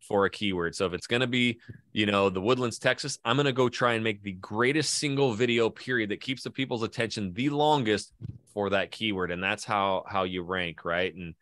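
A man's voice: lowish voice, a little fast, fairly bright tone, no echo. A man from Idaho, a guest in a casual interview, telling long stories and swearing casually. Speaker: guest, real estate agent and video creator.

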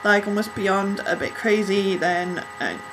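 A woman gushing over a music video in an excitable, flustered reaction vlog, out of breath and struggling to calm down. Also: medium pitch, measured pace, background noise.

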